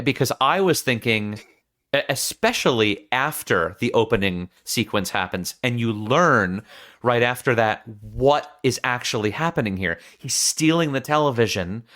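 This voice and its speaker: A man's voice: mid-range voice, expressive, moderate pace, fairly bright tone. A man hosting a film podcast, agreeing often and chatting casually. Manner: agreeable, frequent backchannel affirmations. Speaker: podcast host.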